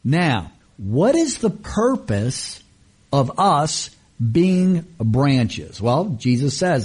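A man delivers a sermon in a teaching tone, leaning on key words and drawing them out. His voice is slightly husky. His pitch swings widely as he poses rhetorical questions and answers them. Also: warm tone. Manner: emphatic, teaching tone with frequent slow, drawn-out stresses and rhetorical questions. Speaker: pastor.

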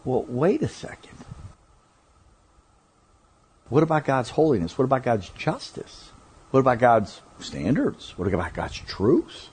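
A man preaching a sermon, emphatic and deliberate, often asking rhetorical questions. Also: mid-range voice, sing-song, a little mellow, slightly rough.

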